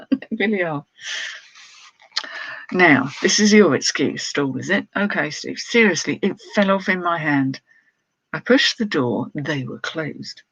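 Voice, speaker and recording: Husky-voiced woman chatting on a live stream. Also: deep voice, expressive, measured pace, pauses often, fairly bright tone, no echo, highs cut off. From United Kingdom. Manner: chatty, laughs often, reads out viewer comments. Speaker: clothes reseller streaming live. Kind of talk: casual live-stream chat while showing items.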